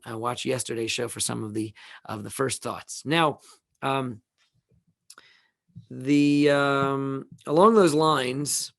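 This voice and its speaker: A man hosting a live online show, teaching in a casual, animated way with many restarts and fillers, over a video call. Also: medium pitch, gravelly, no echo, studio quality. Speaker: host.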